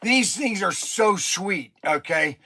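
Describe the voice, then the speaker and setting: A man hosting a toy shop live stream, an excitable pitchman who rambles and breaks into shouts, his voice strained from days of nonstop talking. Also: slow pace. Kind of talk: casual live-stream sales talk. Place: inside a toy shop among shelves.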